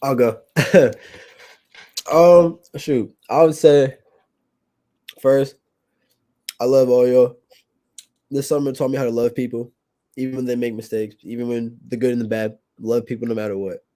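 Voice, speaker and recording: A young man with a mellow, dark voice shares a heartfelt testimony. His talk is casual and slangy, full of repeats and restarts. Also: mid-range voice, steady tone, a little slow, pauses often. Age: young adult. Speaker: youth program participant.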